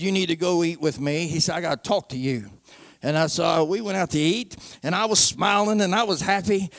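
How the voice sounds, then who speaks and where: A man preaching his own testimony, fervent, rising into shouts and dropping to hushed tones. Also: sits high, vocal fry, dry recording, clean studio sound. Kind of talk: sermon testimony.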